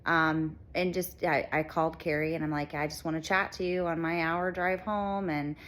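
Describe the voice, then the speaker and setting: Middle-aged woman, lower register, earnest reflective delivery with frequent pauses; heartfelt personal talk to camera. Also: steady tone, a bit bright. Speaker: channel host.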